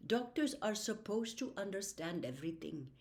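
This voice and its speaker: A woman voicing a thoughtful old male country doctor who speaks calmly and musingly. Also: mid-range voice, moderate pace, voice pushed up.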